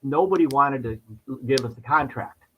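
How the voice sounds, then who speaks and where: On a podcast, a middle-aged insurance agent from New York talks on and on in casual interview chat, repeatedly restarting and circling around his points. His ordinary-pitched male voice is expressive and moderately paced. The lo-fi recording sounds dull and muffled, with slight background noise.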